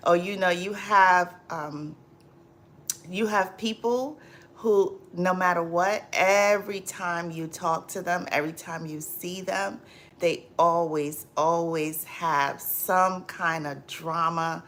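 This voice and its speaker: Slow-talking woman hosting a livestream. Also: on the low side, fairly even intonation, a bit bright, a little hiss or hum. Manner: laughs often, reads and answers viewer comments; drawn-out, repetitive phrasing with many fillers. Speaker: livestream host. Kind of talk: casual livestream chat.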